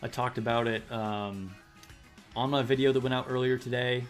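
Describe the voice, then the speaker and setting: A man's voice: mid-range voice, fairly even intonation, normal speed. A man casually chatting on his livestream, rambling and joking, laughing at himself. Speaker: streamer. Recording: faint background music.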